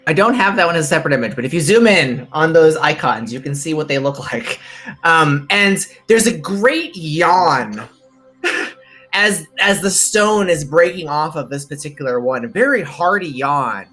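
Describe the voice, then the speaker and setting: A man's voice: fairly high pitch, lively intonation, moderate pace, sharp tone, soft background music. A man running a tabletop game, narrating casually with lots of ums. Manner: casual, filler-heavy narration. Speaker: game master.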